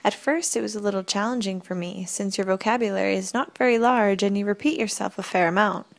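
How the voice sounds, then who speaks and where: A woman reading an audiobook, voicing a calm, wise young woman who explains things patiently. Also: medium pitch, fast talker, creaky, lightly acted.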